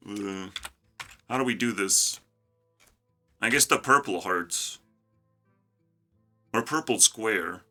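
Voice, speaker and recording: A man's voice: fairly low pitch, slow pace, pauses often, bright, forceful tone, soft background music. A man ranting casually about a card game, mocking and profane, breaking into laughter. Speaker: YouTube gaming creator. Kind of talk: casual ranting commentary while designing cards.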